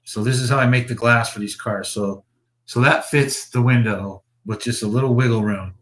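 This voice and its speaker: A man's voice: medium pitch, moderate pace, a bit bright. A man hosting a casual livestream, chatting about his model builds in a rambling way, with swearing and chuckles. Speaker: slot car builder and show host.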